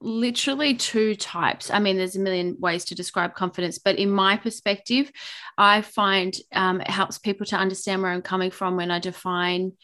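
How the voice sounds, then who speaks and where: A woman guest with an Australian accent, talking in an animated, chatty way with many restarts. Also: mid-range voice, moderate pace. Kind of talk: podcast interview.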